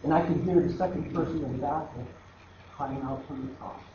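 A man preaching with emphatic repetition, his slightly high voice swinging from hushed to loud. The sound is echoey and dull, with a faint hiss behind it. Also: a little fast. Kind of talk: sermon. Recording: echoey, dull hall recording.

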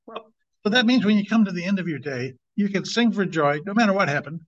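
A fairly high-voiced man preaches in a loose, conversational way, leaning hard on key words and drawing them out. The sound is dull and lo-fi, as if taped on modest gear. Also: expressive, a bit bright. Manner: emphatic, conversational, drawn-out slow stresses. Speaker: evangelist, teacher. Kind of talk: informal sermon. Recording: dull lo-fi recording.

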